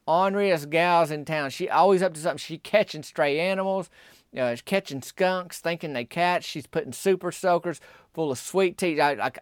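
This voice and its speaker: A man's voice: clear, resonant tone, no echo, studio quality. Folksy man spinning a story. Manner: rambling Southern small-town drawl, voices quoted folks by raising pitch. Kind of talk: folksy comic storytelling monologue.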